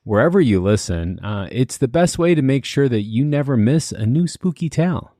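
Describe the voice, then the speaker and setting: A man's voice: mid-range voice, lively intonation, moderate pace, mellow, no echo, clean studio sound. A man co-hosting a paranormal podcast as the skeptic, talking in a joking, easygoing way. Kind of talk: casual podcast chat.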